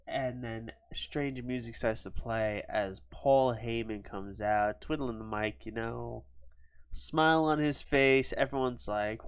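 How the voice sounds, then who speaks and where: A man talks through a wrestling sim game in quick, offhand casual commentary, full of fillers. His voice sits in the middle of the range and sounds dry and close. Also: medium pitch, clear, resonant tone, dry recording. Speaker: gaming video host.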